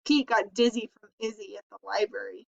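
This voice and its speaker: A woman voicing an excitable small boy who chatters on and won't stop blabbing, in a storybook reading. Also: mid-range voice, brisk, creaky. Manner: chattering, eager. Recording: dull lo-fi recording.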